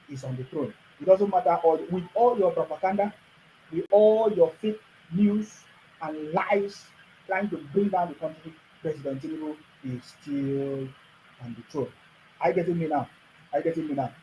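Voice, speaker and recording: A man's voice: high-pitched, darkish tone, a little hiss or hum, rough recording. Combative Nigerian man ranting. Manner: combative, ranting, addresses critics directly; repeats and restarts phrases for emphasis. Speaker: political commentator. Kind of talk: monologue to camera.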